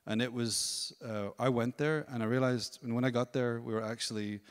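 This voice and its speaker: A man's voice: medium pitch, normal speed. Man telling a story in a reverberant church. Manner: storytelling, animated, acts out voices. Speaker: worship leader. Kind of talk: testimony at a church service. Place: church hall.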